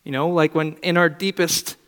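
A man's voice: fairly high pitch, fairly even intonation, normal speed, a bit bright, clear, resonant tone. Man preaching in a reverberant hall. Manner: conversational, reflective, asks rhetorical questions. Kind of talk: sermon.

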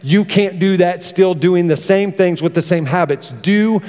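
A middle-aged pastor, preaching a lively sermon and acting out his stories. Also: sits high, unhurried. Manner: animated, storytelling with acted-out exclamations. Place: church hall. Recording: reverberant church hall.

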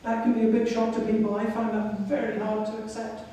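A woman missionary gives a reflective sermon drawn from her own story. Her voice is warm and fairly even in tone. She sounds distant from the mic, in a hall with a long, roomy echo. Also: on the high side, fairly quick. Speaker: missionary speaker. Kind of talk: sermon with personal testimony. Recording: echoey hall from far off.

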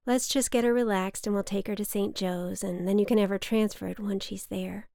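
A woman voicing a brisk, kindly female paramedic who talks casually and soothingly. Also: mid-range voice, steady tone, vocal fry, mellow, dry recording, clean studio sound, close to an everyday voice. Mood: matter-of-fact. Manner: matter-of-fact, soothing, casual.

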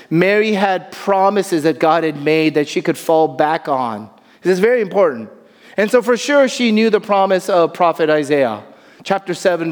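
Male pastor, high-pitched, lively sermon delivery, long church reverb. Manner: animated preaching, slowing to soft emphasis. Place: church sanctuary.

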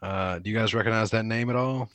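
A man's voice: on the low side, fairly even intonation, fairly bright tone, dry recording. Joking man co-hosting a casual podcast. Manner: laughing, jokey, does quick impressions. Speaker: podcast co-host.

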